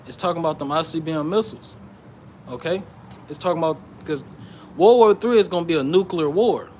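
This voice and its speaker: A man giving an informal sermon on prophecy, reading scripture aloud and explaining it, often checking in with "okay?" and "all right?" and pausing with "uh". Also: on the high side, darkish tone, a little hiss or hum. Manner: pauses with "uh" and restarts. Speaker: bible teacher.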